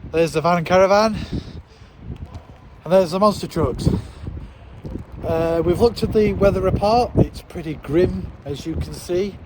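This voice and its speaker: A man's voice: high-pitched, a little slow, pauses often, noisy background. A man casually vlogging outdoors as a monster truck driver, chatty and wryly self-mocking, recorded on a handheld camera. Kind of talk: casual travel vlog. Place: outdoors at a show site and on a ferry.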